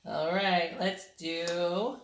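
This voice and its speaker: A woman's voice: lowish voice, little pitch movement, very slow, reverberant. A woman teaching a young child to spell simple words, patient and encouraging, sounding out letters one by one.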